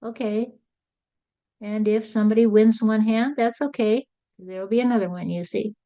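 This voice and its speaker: A woman's voice: on the high side, steady tone, moderate pace, mellow, natural voice. A woman channeling a folksy, rambling Jesus. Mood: earnest. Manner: folksy, rambling, repeats "you see". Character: Jesus as a folksy, frank male spirit. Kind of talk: channeled spirit talk. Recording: dull lo-fi recording.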